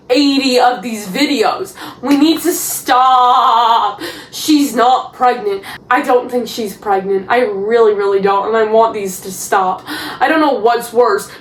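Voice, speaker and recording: A woman recapping a TV episode in a casual, chatty vlog, animated and exasperated, slipping into mocking put-on voices. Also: a little high. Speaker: TV recap vlogger. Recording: echoey room with faint noise.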